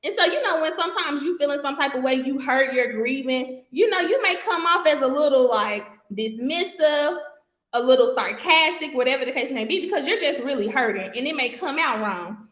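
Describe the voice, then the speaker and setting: Bright, high-voiced woman teaching Bible. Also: brisk, echoey room. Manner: animated and conversational, talks straight to listeners with colloquial asides. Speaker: podcast host teaching from the Bible.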